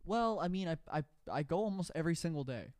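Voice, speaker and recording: A young man chatting casually as a podcast co-host, animated and self-deprecating. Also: fairly high pitch, quick pace, no room sound, studio quality. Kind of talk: casual chat.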